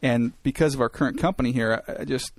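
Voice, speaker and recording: A man, an analyst on a studio show, telling quick anecdotes in casual chat. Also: mid-range voice, dry recording.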